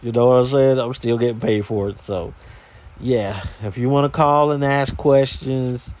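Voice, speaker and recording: A man's voice: medium pitch, normal speed, a little mellow. A man hosting a podcast, telling a story in a casual, slangy, exasperated way. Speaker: podcast host.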